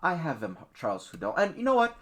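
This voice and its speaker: A man hosting a sports podcast who rants bluntly about the topics he cares about. His voice is bright and sharp, and his pitch swings up and down a lot as he talks. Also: fast talker. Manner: ranting, blunt, lively. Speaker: podcast host. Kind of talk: opinionated casual podcast talk.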